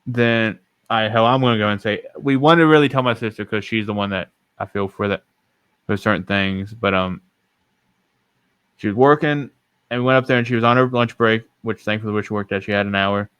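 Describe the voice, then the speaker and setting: A man's voice: on the low side, fairly quick, fairly bright tone, smooth, no echo. A young man hosting a podcast, telling a personal story in a rambling, self-correcting way. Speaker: podcast host. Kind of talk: casual storytelling.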